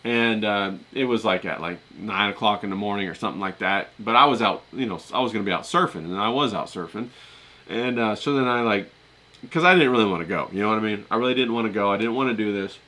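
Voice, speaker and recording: A man's voice: lowish voice, fast, sharp tone. A middle-aged man who talks in a chatty, rambling way, telling a story casually to his viewers with many fillers and restarts. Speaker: vlogger talking to his live chat.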